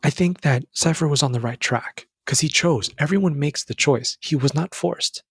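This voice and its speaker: A young man hosting a podcast, giving a casual, earnest motivational talk that addresses the listener as brother and jumps up in pitch when he stresses a point. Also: normal speed, slightly rough, no echo, studio quality. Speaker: podcast host. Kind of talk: motivational monologue.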